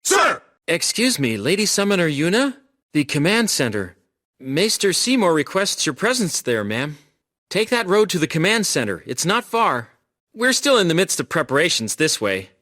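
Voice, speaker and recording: A man's voice: fairly high pitch, big pitch swings, normal speed, bright, forceful tone, exaggerated voice. An actor voicing an insecure young male knight on guard duty who talks himself down in a game. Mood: fretful. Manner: self-deprecating, fretful.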